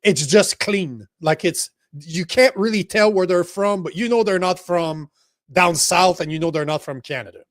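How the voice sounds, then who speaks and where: Stream host, French-native man, emphatic and crude, slightly high pitch, dry mic. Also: normal speed, no echo. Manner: profane, blunt and emphatic. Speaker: livestream host. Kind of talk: casual political chat.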